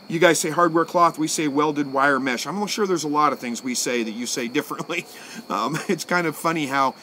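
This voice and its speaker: A man's voice: a little high, a little hiss or hum. Folksy man hosting a live stream. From Southwest Missouri, USA. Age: 40s. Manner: relaxed, folksy, thinks out loud. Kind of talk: casual live-stream chat answering viewer comments.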